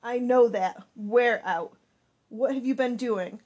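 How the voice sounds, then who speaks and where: A woman's voice: medium pitch, steady tone, fairly quick, creaky, slightly rough, lo-fi sound. A woman voicing a worried middle-aged mother, stern but loving, in an audiobook reading. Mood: sharp. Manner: sharp and scolding, then gentle.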